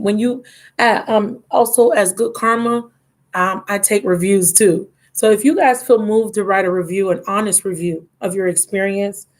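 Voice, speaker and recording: Chatty woman giving a tarot reading. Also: mid-range voice. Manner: chatty, affectionate, reads card texts aloud. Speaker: tarot reader. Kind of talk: live tarot reading and chat.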